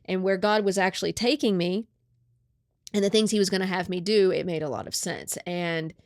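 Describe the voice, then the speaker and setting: A woman podcast host in a casual chat, retelling a story with lively acted-out dialogue. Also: lowish voice, fairly quick, dry recording, studio quality.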